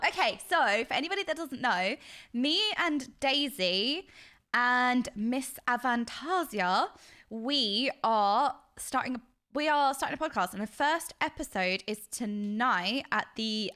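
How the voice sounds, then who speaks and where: Streaming a game, a woman with a high-leaning, pushed, bright voice chats casually with her viewers. She's a chatty self-described yapper who gushes and uses extreme language.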